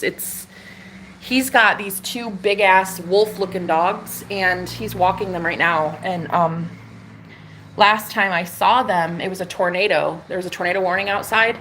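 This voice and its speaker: A woman's voice: mid-range voice, a bit bright, slight background noise. A young woman talking casually on a livestream, rambling and swearing as she addresses her viewers.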